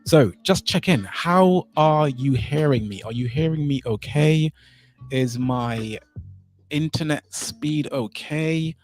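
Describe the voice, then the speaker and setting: A man's voice: on the high side, slow pace. A man from Saint Kitts and Nevis hosting a casual live stream, rambling and thinking aloud as he fiddles with his settings. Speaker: livestream host. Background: faint music.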